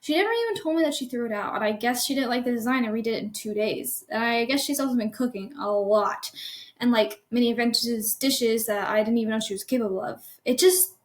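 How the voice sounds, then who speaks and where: A woman's voice: on the high side, brisk, natural voice. A woman reading aloud voices a young husband who sounds tentative and apologetic as he questions his wife. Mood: uneasy. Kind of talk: storytelling voice.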